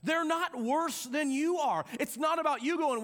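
High-voiced animated male pastor. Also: brisk, few pauses. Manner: animated, conversational preaching with acted-out quotes. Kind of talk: sermon. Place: church sanctuary with a balcony.

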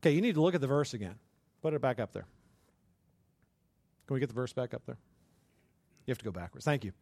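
A man's voice: mid-range voice, animated, fast, vocal fry, darkish tone, breathy edge, dry recording. A male pastor preaching in a conversational storytelling way, often checking in with the listeners and acting out the voices in his stories. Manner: storytelling, tag questions, acts out voices. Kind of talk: conversational sermon.

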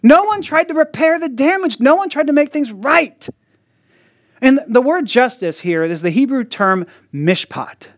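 A man preaches in a loose, chatty sermon style and slips into mocking voices when he quotes people. His speech is full of "like" and quick asides. The sound is dry and close, with no room echo. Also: extremely high pitch, expressive. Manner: conversational, often acts out quoted voices with a mocking edge; frequent "like" fillers and laughs.

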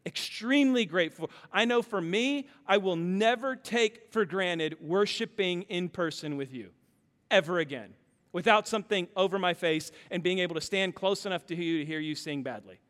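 A man in his thirties preaching a sermon as pastor, telling stories with animated swings from loud to hushed. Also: sits high. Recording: long hall reverb.

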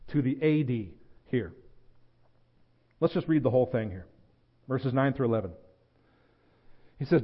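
A man's voice: mid-range voice, highs cut off. Earnest Southern man preaching a sermon. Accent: Southern American. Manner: earnest, builds to emphatic, repeats words when stressing a point. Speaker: pastor.

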